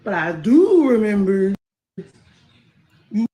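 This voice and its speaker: A woman's voice: medium pitch, very animated, slow pace, warm tone. Woman co-host, casual, short reactive asides. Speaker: podcast co-host.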